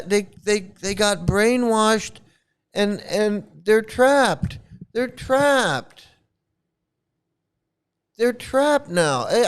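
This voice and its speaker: High-ish smooth guy ranting, exasperated, keeps repeating himself, swears a lot. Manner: exasperated, repetitive, blunt and profane. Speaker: commentary channel host. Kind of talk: casual ranting commentary.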